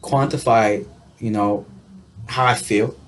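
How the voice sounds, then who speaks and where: A man's voice: lowish voice, steady tone, takes it slowly. A man talking casually to camera in a vlog, rambling through his thoughts on coping with stress, full of restarts and "you know.". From United States. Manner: reflective, laughs lightly now and then. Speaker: vlogger. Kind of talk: casual rambling self-help talk.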